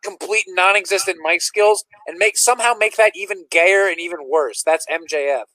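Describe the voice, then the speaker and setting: High-voiced man ranting scornfully. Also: brisk, pushed and bright, no room sound, poor audio. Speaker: podcast co-host. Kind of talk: casual chat.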